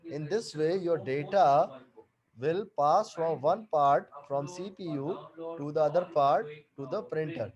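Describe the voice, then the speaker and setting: A man teaching an online class over a video call, explaining slowly and repeating each point and question. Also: fairly high pitch, a little mellow, highs cut off.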